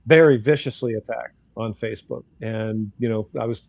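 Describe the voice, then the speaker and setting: A man's voice: on the low side, normal speed, vocal fry, darkish tone, dry recording, muffled recording. An older man, a grandfather, bluntly telling a story in casual talk and acting out the dialogue. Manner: blunt, outspoken, acts out dialogue in quotes. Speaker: guest commentator.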